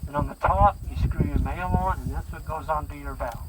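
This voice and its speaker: A man's voice: a little high, fairly quick. A man who farms, teaching a group out on a pasture in a folksy, plain-spoken storytelling way. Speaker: farmer teaching a grazing school. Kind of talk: outdoor teaching talk to a group. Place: outdoors on a farm pasture. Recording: loud outdoor noise, far mic.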